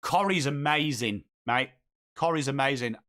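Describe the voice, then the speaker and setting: A man's voice: mid-range voice, moderate pace, sharp tone. English guy live streaming footy, chatting to viewers in the comments, casual and rambling. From England. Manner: chatty, reads and answers viewer comments while calling the play. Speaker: host of a live footy watchalong.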